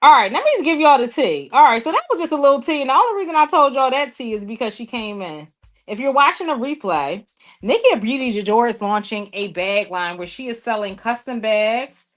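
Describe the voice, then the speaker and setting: A woman's voice: fairly high pitch, very animated, brisk. A woman hosting a sewing livestream, chatting playfully with viewers and people off camera, with speech. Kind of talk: casual livestream chat while sewing.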